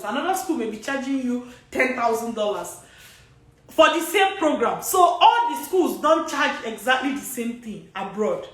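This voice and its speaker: A high-voiced woman with a Nigerian accent answers study abroad questions in a live Q&A. She is chatty and laughs often, repeating her points. The recording has a roomy echo. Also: fairly bright tone. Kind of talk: live social media Q&A.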